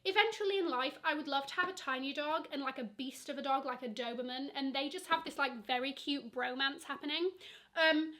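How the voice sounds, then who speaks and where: A woman's voice: high voice, brisk, pushed and bright. A young woman, chatting casually through a Q&A vlog with lots of fillers and playful asides. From Nigeria. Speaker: luxury vlogger.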